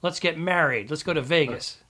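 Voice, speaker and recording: A man's voice: fairly high pitch, pushed and bright. A man co-hosting a comedy podcast, firing questions and teasing comments at his friend. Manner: quick questions and teasing interjections. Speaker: podcast co-host.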